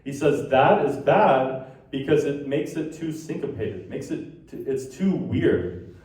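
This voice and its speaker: A man's voice: mid-range voice, expressive, takes it slowly, a little mellow. A man giving a conference lecture, explaining ideas and now and then tapping out rhythms in sung syllables. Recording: echoey hall from far off.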